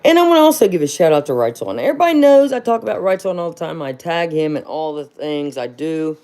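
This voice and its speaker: A woman's voice: low voice, big pitch swings, fast talker, a little mellow. A middle-aged woman talks straight to her viewers on a livestream, casual and rambling, with lots of fillers. She calls people honey and gets fired up, piling on rhetorical questions. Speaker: livestream host.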